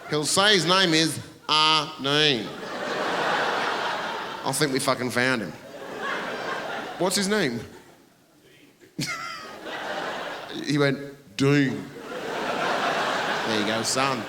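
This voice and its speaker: A man's voice: mid-range voice, lively intonation, takes it slowly, pauses often. A man doing a brash stand-up comedy set, swearing and teasing the audience in a large theatre. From England. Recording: reverberant theatre with audience noise.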